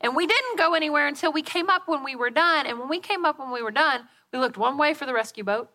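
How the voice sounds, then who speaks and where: A middle-aged woman pastor preaching a sermon, telling a story in a folksy, animated way. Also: high-pitched, fast talker.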